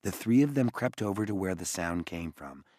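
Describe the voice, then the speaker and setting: A man reading an audiobook in expressive scripted narration, close to the mic. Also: deep voice, normal speed, no room sound. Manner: expressive storytelling.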